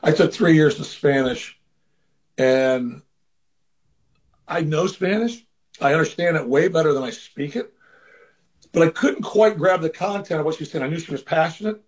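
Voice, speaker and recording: A former baseball manager, interviewed as a guest, earnestly tells a personal story in casual conversation, sometimes acting out the voices of the people involved. His voice is fairly high, his pace moderate, and he leaves long pauses.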